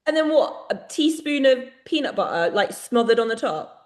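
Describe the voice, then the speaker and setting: High-pitched woman from England, podcast co-host, chatty, laughs a lot. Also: lively intonation, moderate pace, reverberant. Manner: chatty storyteller, laughs often. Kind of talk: casual chat.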